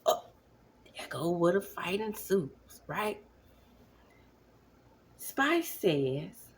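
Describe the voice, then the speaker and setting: A woman in her thirties gives casual commentary at home at night. She talks slowly with a wide-ranging, animated pitch, and now and then slips into a whisper. A faint hum of the room sits behind her. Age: 30s. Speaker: vlogger.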